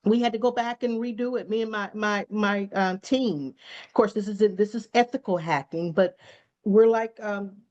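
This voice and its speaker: A woman's voice: medium pitch, moderate pace, darkish tone, muffled recording. A woman teaching a cybersecurity class in a conversational way, who acts out quoted exchanges and laughs often. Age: adult student. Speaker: cybersecurity instructor.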